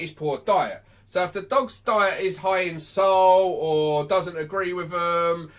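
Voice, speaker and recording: A man's voice: high-pitched, a bit bright. A man, a dog trainer giving blunt, sweary advice on a live stream.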